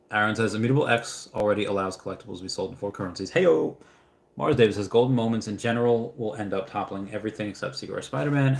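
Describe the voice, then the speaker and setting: A man's voice: on the low side, gravelly. A man hosting a casual livestream, reading out viewer comments and drifting into stories, with frequent stammered restarts. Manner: reads out chat messages, then rambles into anecdotes. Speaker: livestream host answering viewer questions.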